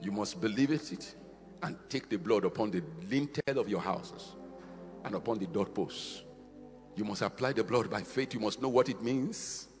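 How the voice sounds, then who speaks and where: A man preaching a fiery sermon, swinging between shouted, half-sung peaks and quieter, slower stretches. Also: on the low side, long reverb tail, soft background music.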